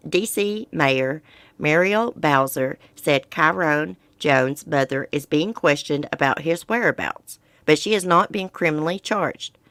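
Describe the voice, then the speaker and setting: A woman host with a low voice talks casually, reading news items aloud and then cutting in with blunt, sarcastic remarks. Her voice is close and dry, with no room sound at all. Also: fairly bright tone, dry recording.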